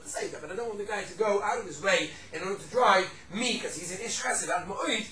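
Man, high voice, animated class delivery, acts out the examples, roomy echo, slightly off-mic. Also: fairly quick, few pauses, distant mic. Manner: animated, acts out quoted speakers, sprinkles Yiddish and Hebrew terms. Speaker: Torah teacher. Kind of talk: casual halacha class.

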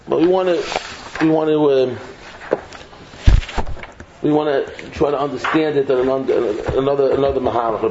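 A man teaching an animated Torah shiur, repeating words as he builds each point and mixing English with Hebrew and Yiddish terms. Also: sits high. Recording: echoey, dull, faint noise.

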